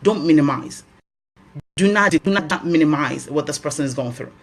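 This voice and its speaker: A woman's voice: sits low, lively intonation, moderate pace. A woman with a Nigerian accent hosting a health talk, giving earnest advice and repeating key phrases for emphasis.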